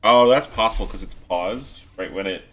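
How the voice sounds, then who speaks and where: A man's voice: lowish voice, normal speed, a bit bright. A man casting an amateur esports league on a live stream, chatting casually and doing playful, mock-formal sponsor reads. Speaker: esports caster.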